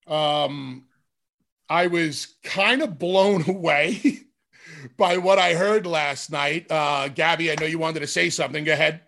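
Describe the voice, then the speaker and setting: A man's voice: on the high side, measured pace, vocal fry, fairly bright tone. A man hosting a talk show, emphatic and talking over others. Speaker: host.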